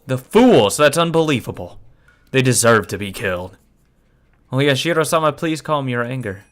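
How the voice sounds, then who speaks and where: A man voicing furious, superstitious elderly village men who shout in outrage. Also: mid-range voice, brisk, clear, resonant tone, pitched above the performer's own voice, natural voice. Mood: outraged.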